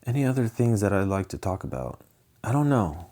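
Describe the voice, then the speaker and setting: A man's voice: on the low side, very animated, brisk, warm tone. A man from Southern California hosting a solo podcast, rambling and hesitant, with many ums and restarts. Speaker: podcast host. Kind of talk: casual solo podcast chat.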